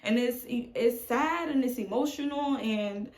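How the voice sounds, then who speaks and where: A mom vlogger in her thirties talks candidly and emotionally to camera at home, calling her viewers y'all. Her voice is a little high, a little slow, and darkish, recorded on a phone on a tripod in an echoey room.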